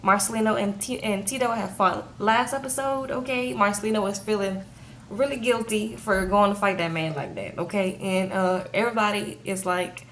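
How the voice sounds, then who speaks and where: A woman's voice: medium pitch, moderate pace, a bit bright, a little hiss or hum. A young woman casually recapping a reality TV episode, chatting loosely and often asking "okay?". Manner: chatty, frequent "okay?" and "like" fillers. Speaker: TV show reviewer.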